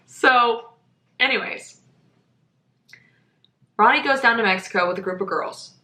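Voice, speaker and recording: Woman podcast host, animated and breezy storyteller, bright voice, roomy echo. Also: a little high, measured pace, long pauses. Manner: animated, chatty, laughs often, says "whatever". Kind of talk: casual storytelling monologue.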